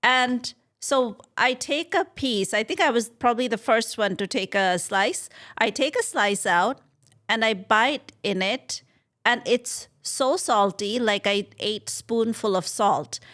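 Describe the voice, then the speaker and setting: A woman's voice: on the high side, slow pace, fairly bright tone. A middle-aged woman from Punjab, India, animatedly telling a family story in casual chat and acting out the dialogue. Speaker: podcast co-host.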